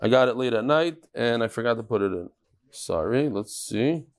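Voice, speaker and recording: Animated man teaching a daily Talmud class. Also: mid-range voice, moderate pace. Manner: animated, joking storyteller mixing Hebrew terms.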